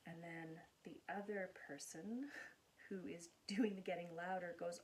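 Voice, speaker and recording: A woman's voice: medium pitch, measured pace, darkish tone. A woman counselor talking casually to camera, explaining earnestly with everyday examples.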